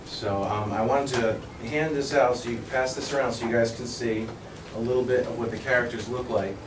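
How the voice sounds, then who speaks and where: A man's voice: medium pitch, steady tone, a little fast, noisy background. A man who co-writes and animates a cartoon, talking about it in an easygoing way with fillers. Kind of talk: casual explanation.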